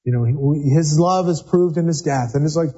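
Guy pastor preaching in church, chatty, keeps repeating himself, kinda husky, dull recording. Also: on the high side, fairly quick, mellow. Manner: conversational, repeats words often. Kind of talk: sermon. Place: church sanctuary.

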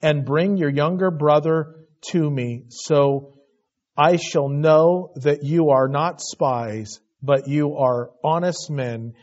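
A Bible teacher with a somewhat high, slightly mellow voice preaches an expository sermon slowly, reading scripture aloud and retelling it conversationally while his emphasis builds. The recording is dull and lo-fi.

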